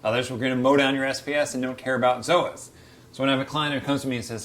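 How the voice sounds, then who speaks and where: A man hosting a casual aquarium Q&A from beside his reef tank, chatty and quick to act out little quoted voices. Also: mid-range voice, steady tone, a bit bright. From United States. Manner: chatty, acts out quotes of fish and hobbyists. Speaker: aquarium hobby show host. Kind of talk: casual Q&A explainer.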